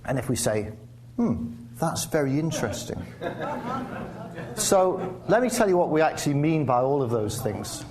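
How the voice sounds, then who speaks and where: A man's voice: mid-range voice, very animated, a little fast, few pauses, a crowd in the background. A man from England giving a conversational public lecture with wry asides and frequent restarts. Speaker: guest speaker. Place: lecture theatre. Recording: faint background noise in a lecture hall.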